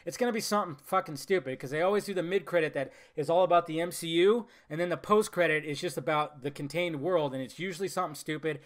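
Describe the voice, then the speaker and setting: A man's voice: fairly high pitch, fast talker, hardly any pauses. Blunt, profane male film reviewer.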